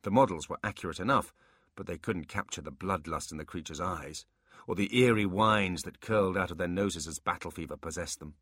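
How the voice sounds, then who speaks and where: Deep-voiced male storyteller, lively and bright, husky, dry close mic; good for fantasy audiobooks. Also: fairly quick, no room sound. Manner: expressive storytelling. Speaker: audiobook narrator. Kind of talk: scripted fantasy narration.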